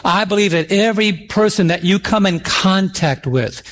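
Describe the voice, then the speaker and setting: A middle-aged man preaching a sermon, reading scripture slowly and emphatically and calling for responses from the congregation. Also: sits high, fairly bright tone. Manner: calls for audience responses.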